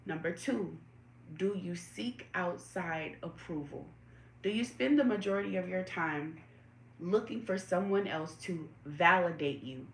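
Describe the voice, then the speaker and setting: A woman's voice: fairly low pitch, unhurried, a little hiss or hum. A woman hosting a live tarot stream, asking her viewers reflective questions and greeting them by name. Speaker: tarot reader hosting a livestream. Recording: roomy echo.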